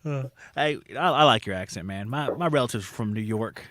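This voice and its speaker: A man hosting a casual podcast chat, joking and trading quick banter. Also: mid-range voice, animated, a bit bright, no echo. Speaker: podcast host.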